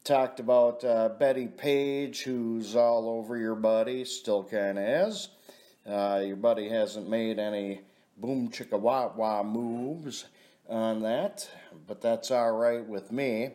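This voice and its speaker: A man's voice: mid-range voice, fairly even intonation, slow pace, dark tone. A middle-aged man telling a rambling personal story in a casual vlog, swearing often and calling himself "your buddy". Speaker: vlogger.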